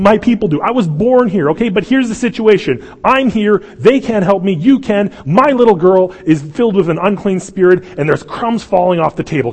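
A man's voice: sits high, a little mellow, husky, pitched above the performer's own voice, full character voice. A male preacher acting out a desperate foreign mother begging for help for her daughter. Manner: pleading, raised and urgent.

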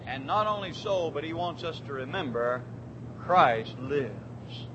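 A man preaching a sermon in a church, fervent, swinging from quiet, drawn-out words to shouted declarations. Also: fairly high pitch, expressive, lo-fi sound, noisy background.

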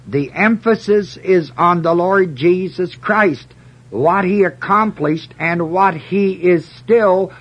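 A man teaching through Bible verses one by one, reading scripture aloud in a measured cadence and stressing key words. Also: sits high, muffled recording. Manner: slow and deliberate, emphatic on key words.

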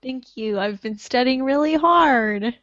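A woman's voice: high-pitched, a little slow, fairly bright tone, no room sound, lo-fi sound. A woman co-hosting a casual podcast, rambling and giggling, with lots of "like". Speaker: podcast co-host.

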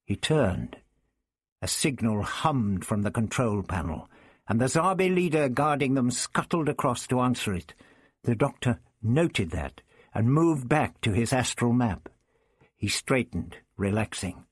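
A male audiobook reader with a husky, slightly breathy tone and a lively, rising-and-falling delivery. He tells the story dramatically in a dry, close recording without room sound. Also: medium pitch, unhurried, dry recording. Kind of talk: scripted narration of a science fiction novel.

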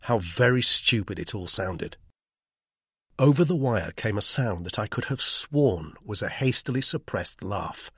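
A man's voice: lowish voice, a bit bright, husky, no room sound, clean studio sound. A man reading a thriller novel aloud as its first-person narrator. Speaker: audiobook narrator. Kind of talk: scripted narration.

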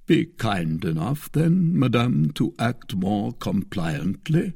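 A man's voice: medium pitch, sing-song, takes it slowly, gravelly, a little mellow, slightly rough, no echo, studio quality, exaggerated voice. A man reading aloud, voicing a stern, formally polite chancellor who is carrying out his orders. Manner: firm, formal, coldly polite.

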